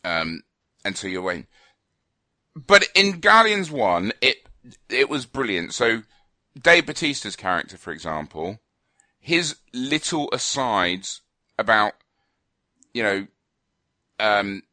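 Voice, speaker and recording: Male radio co-host, opinionated rambler, bright tone, dry close sound. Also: fairly low pitch, sing-song, takes it slowly, long pauses, no echo. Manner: opinionated, rambling with fillers and restarts. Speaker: film review co-host. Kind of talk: casual radio chat.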